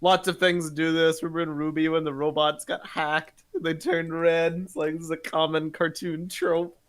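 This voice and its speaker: A man co-hosting a podcast who chats in a quick, joking way. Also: fairly high pitch, flat delivery. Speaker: podcast co-host. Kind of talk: casual chat.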